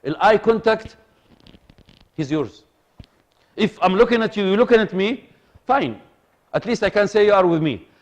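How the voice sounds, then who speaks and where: A male lecturer, talking to a class in a voice that sits high for a man. He is animated and repeats his points, checking again and again that his listeners are following. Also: normal speed, pauses often. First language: Arabic. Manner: animated, repeats himself, asks the audience for agreement.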